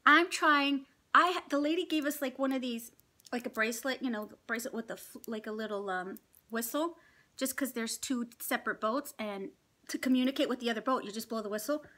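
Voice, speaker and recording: Woman, middle-aged, casual storytelling vlogger, animated, crisp bright tone. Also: a little high, a little fast. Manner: animated, laughing often, acts out dialogue. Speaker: mukbang vlogger.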